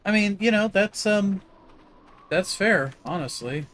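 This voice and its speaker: A man's voice: sits high, animated, unhurried, a bit bright. An American man hosting a game stream, chatting casually, laughing often and exclaiming when startled. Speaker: streamer host. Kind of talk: casual gameplay commentary.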